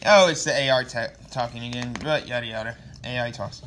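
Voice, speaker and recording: A man giving a casual, rambling comic book review, sarcastic and quick to swear. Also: medium pitch, a bit bright, slight background noise.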